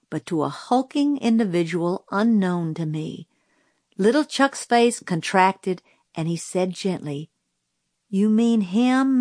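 A woman's voice: mid-range voice, no echo. Woman narrating a story, dry close sound. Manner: measured storytelling. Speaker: audiobook narrator. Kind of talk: scripted narration.

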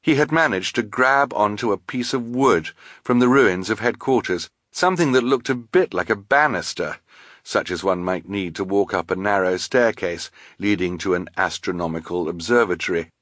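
Audiobook narrator, man, low and measured, dry booth. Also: animated, a bit bright, dry recording. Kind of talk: scripted narration.

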